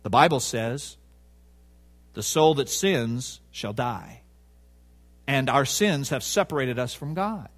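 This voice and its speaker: A man's voice: medium pitch, expressive, takes it slowly, long pauses, fairly bright tone. A man preaching a sermon, emphatic, repeating key words and asking the congregation rhetorical questions.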